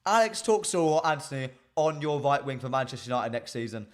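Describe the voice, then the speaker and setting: A man's voice: medium pitch, animated, brisk. A man hosting a casual football live stream, chatting straight to his viewers with frequent ums. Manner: chatty, addresses chat directly, frequent ums. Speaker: livestream host.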